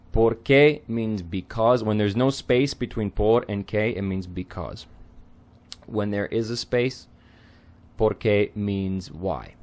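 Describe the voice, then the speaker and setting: Slow, low-voiced man explaining lyrics. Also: a little mellow. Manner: unhurried, hesitant with frequent ums and throat clearing. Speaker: Spanish lyrics tutor. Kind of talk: explaining song lyrics line by line.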